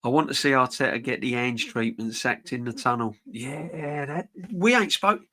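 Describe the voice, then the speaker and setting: A man's voice: medium pitch, normal speed, a crowd in the background. A middle-aged man, rambling frankly as he chats with viewers on a live football stream. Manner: rambling, frank, chatty with restarts. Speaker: football channel host reading live chat. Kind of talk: casual live-stream chat.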